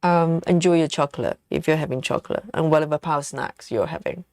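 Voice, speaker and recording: A deep-voiced woman hosts a cross-stitching livestream, chatting and giggling as she reads viewer comments aloud and snacks on chocolate. Her delivery is fast and expressive with a darkish tone, captured as a dry, studio-quality recording.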